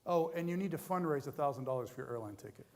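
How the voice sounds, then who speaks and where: A man's voice: a little high, expressive, quick pace. A man quoting a blunt, matter-of-fact college chaplain in his own voice, in a reverberant hall. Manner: blunt, offhand.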